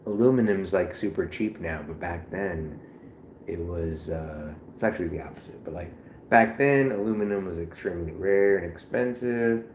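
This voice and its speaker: A man's voice: low-pitched, measured pace, darkish tone, roomy sound, slight background noise. A man live streaming in casual chat, rambling and profane, full of slang.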